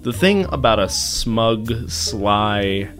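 A young man co-hosting a casual podcast, his voice sitting a little low but swinging widely as he acts out little scenes. He talks loosely with restarts and laughs through his anecdotes. Faint music plays under the talk. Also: very slow. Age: young adult. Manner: animated storytelling with voiced asides and laughter. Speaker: podcast co-host. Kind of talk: casual chat.

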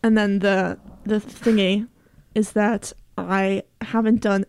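A woman's voice: mid-range voice, level tone, slow, a little mellow, a little hiss or hum. A young woman co-hosting a casual chat podcast, telling stories in a playful, chatty way. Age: young adult. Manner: storytelling, playful. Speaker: podcast co-host.

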